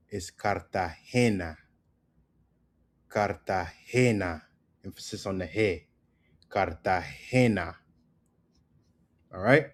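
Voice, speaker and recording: A man teaching a casual online language lesson. He drills words slowly and keeps checking in with "right?" and "okay?". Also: fairly low pitch.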